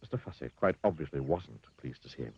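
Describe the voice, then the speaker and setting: A man's voice: extremely low pitch, expressive, fast, creaky, breathy edge, no room sound. A man reading a children's story in a dry, wry storybook manner. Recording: dull lo-fi dry recording.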